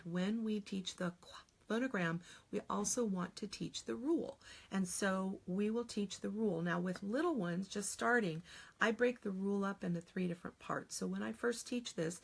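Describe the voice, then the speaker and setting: A woman's voice: medium pitch, creaky, breathy edge. A middle-aged woman teaching a phonics lesson on video, explaining patiently step by step and modeling each sound aloud.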